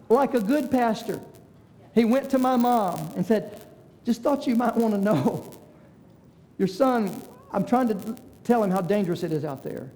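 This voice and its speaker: A man's voice: high voice, expressive, measured pace, mellow. A man, a pastor telling a personal story in a sermon in a folksy way, acting out the voices of the people he quotes. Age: 60s. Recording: long reverb of a large hall.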